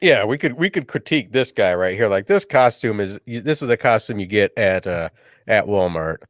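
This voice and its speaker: A man's voice: fairly low pitch, lively intonation, moderate pace, dry recording. Easygoing man, dry close sound. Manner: laughs often, drifts into goofy pirate voices. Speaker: podcast co-host. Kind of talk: casual chat.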